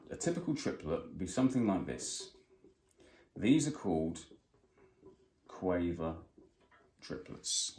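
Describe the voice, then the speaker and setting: A man with a low, mellow voice explains music theory to guitarists, counting beats aloud in a plain, steady way. The room sounds roomy, with faint guitar playing behind him. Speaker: guitar teacher.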